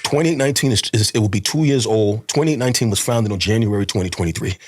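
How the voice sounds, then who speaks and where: Fast, husky-voiced preaching man. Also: fairly low pitch. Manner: fervent, repetitive, preacherly cadence. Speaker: pastor and podcast guest. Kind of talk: impassioned conversational preaching.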